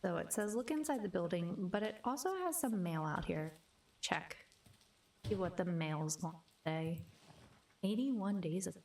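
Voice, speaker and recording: A woman giving soft, unhurried bedtime commentary while playing a video game, gently amused. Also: fairly low pitch, expressive, vocal fry, far from the mic. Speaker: gaming video host. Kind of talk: cozy bedtime gameplay commentary.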